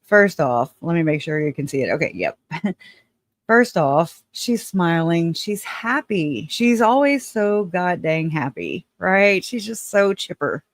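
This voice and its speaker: A woman's voice: fairly low pitch, expressive, measured pace, no room sound. Chatty woman live streaming. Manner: chatty, laughing often, addresses viewers as y'all. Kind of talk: casual live stream commentary.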